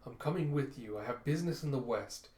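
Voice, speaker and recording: A man voicing a calm, scheming noblewoman with a cool, sly manner, in an echoey room. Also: medium pitch, fairly quick, close to an everyday voice.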